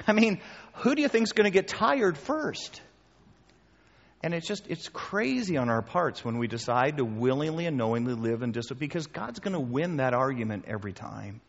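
A man preaching a sermon and taking questions, animated and emphatic, acting out the voices he quotes. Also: mid-range voice, normal speed, vocal fry. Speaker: pastor. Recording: dull sound with long hall reverb.

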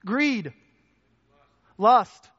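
A man's voice: very high voice, lively intonation, drawn-out words, fairly bright tone, breathy edge. A man preaching a sermon to a congregation, conversational, restarting and repeating words as he asks them questions. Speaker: pastor. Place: church hall with congregation. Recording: muffled, echoey church hall.

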